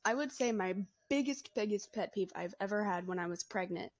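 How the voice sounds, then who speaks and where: A woman's voice: medium pitch, fairly quick. A woman in her twenties, a mother, talking bluntly and chattily to camera in a casual vlog. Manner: blunt, chatty, laughs often. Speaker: vlogger, mother.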